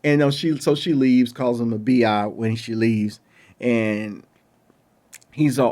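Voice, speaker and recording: A man's voice: medium pitch, steady tone, slow pace, a little mellow. A man giving a casual spoken film review, exasperated and ranting, with loose colloquial phrasing and frequent restarts. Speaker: movie reviewer.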